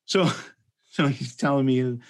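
A man telling a long story as a podcast guest, animated, with many fillers and restarts. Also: medium pitch, slow pace. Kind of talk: casual storytelling.

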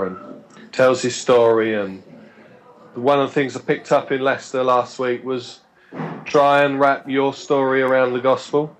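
A man recounts a long story as a podcast guest, talking in a chatty, stop-start way. He often restarts his words and briefly acts out the voices of the people he quotes. His voice sits at an ordinary middle pitch. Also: steady tone, normal speed, rough recording. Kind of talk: anecdotal storytelling.

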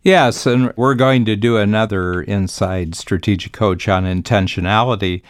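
A man's voice: on the low side, moderate pace, dry recording, clean studio sound. An older man, a business coach, talking confidently on a podcast and spinning long reflective stories. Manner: confident, storytelling, speaks in long reflective sentences. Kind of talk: conversational podcast talk.

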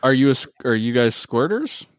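A man's voice: medium pitch, big pitch swings, brisk, no echo. A man chatting casually as a podcast guest, tossing in dry, offbeat quips. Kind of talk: casual chat.

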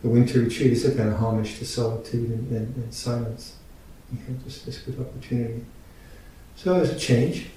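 Older male teacher in his 60s, mellow tone, unhurried dharma talk, picked up from far off in a big echoey room. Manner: unhurried, halting, gently humorous. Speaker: Buddhist teacher. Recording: very echoey room, mic at a distance, faint rumble.

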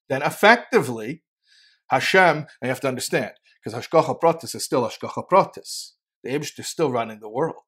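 A man giving a Torah sermon built around a told parable, animated, often stammering and repeating words. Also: mid-range voice, brisk, husky. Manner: laughs while telling. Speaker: Torah teacher.

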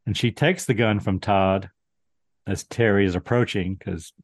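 Unhurried and fairly even in intonation, a low-leaning male voice recaps a movie's plot on a podcast he co-hosts, keeping it casual, dry, and wry. There is no room sound.

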